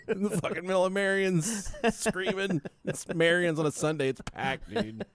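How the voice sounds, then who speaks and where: A man's voice: high voice, a little slow, no room sound. A young man on a podcast, telling a story in casual chat, swearing, laughing and acting out the people in it. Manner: animated storyteller, acts out voices, swears, laughs often. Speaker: podcast co-host.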